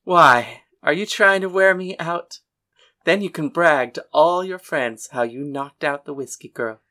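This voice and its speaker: A woman voicing a tough, loyal young woman known as the whiskey girl, speaking low and earnest with dry humor. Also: measured pace, pushed and bright. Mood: wry affection.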